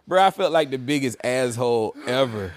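Animated laughing man telling a story. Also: mid-range voice, a little slow. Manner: animated, laughing, acts out quotes. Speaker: podcast co-host. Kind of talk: casual storytelling chat.

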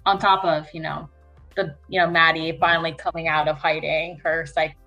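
A woman's voice: deep voice, flat delivery, moderate pace, bright, forceful tone, dull audio, faint music behind. A woman co-hosting a casual chat show, talking hesitantly with many fillers. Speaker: podcast co-host.

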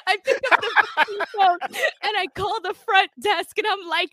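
An American woman hosting a casual live-stream chat, telling stories in an animated way with frequent swearing. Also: extremely high pitch, normal speed, dry recording. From United States. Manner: animated, swearing storyteller, laughs often. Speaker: podcast host.

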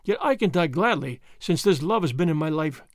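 A man's voice: a little high, animated, brisk, no echo, clean studio sound, close to an everyday voice. A man voicing a brave young noblewoman in an audiobook reading, speaking tenderly and solemnly.

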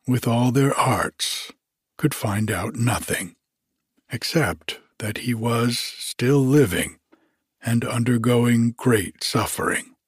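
Slow, husky male storyteller. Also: medium pitch, no echo, studio quality. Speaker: narrator. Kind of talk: audiobook fairy tale narration.

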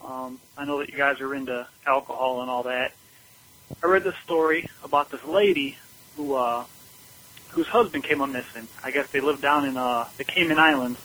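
Halting man leaving a voicemail. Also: medium pitch, fairly even intonation, bright, forceful tone, low-quality recording. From Ohio. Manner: halting, full of uh and um. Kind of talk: rambling voicemail story.

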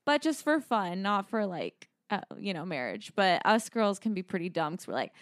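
A woman's voice: medium pitch, very animated, normal speed, dry recording, studio quality. A young woman co-hosting a podcast, chatting casually and telling stories with lots of "like". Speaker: podcast co-host. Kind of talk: casual chat.

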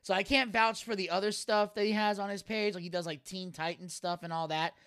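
A man co-hosting a podcast recounts a funny video, doing the voices himself and laughing often in a relaxed conversation. His high-pitched voice is clean in tone, and he talks a little fast.

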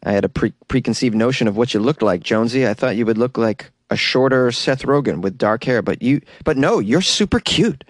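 This podcast host is a young man with a Boston accent, recording solo in a closet studio and keeping the chat casual, self-mocking, and full of laughter. His mid-range voice is animated and brisk, with hardly any pauses. The sound has no echo.

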